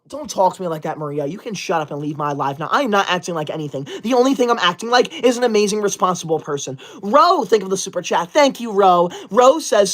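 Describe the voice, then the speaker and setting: Reading out viewer comments in an indignant, scolding tone, this woman is doing a casual livestream chat from home through a laptop setup. Her voice is mid-range and a bit bright.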